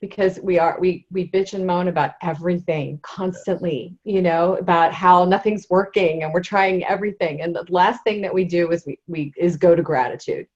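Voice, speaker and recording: A woman's voice: lowish voice, fairly even intonation, moderate pace, hardly any pauses. A woman hosting an interview, speaking in an emotional, effusive way and often searching for her words. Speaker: host, interviewer. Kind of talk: casual interview. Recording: dull lo-fi sound.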